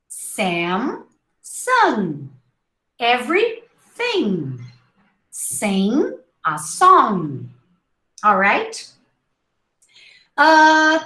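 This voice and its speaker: Woman, English pronunciation teacher, live online class, animated pitch, echoey room. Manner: slow, drawn-out modeling of words with repetition.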